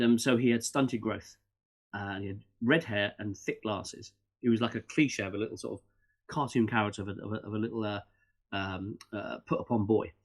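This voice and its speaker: With a voice on the low side, a middle-aged man guesting on a podcast chats casually in an interview. He rambles in lively bursts, often restarting and filling gaps with filler words.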